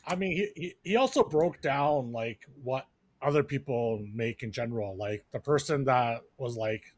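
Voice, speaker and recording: At a moderate pace and in a mid-range voice, a man co-hosts a podcast. The conversation is casual, and he rambles, using many fillers and restarting often.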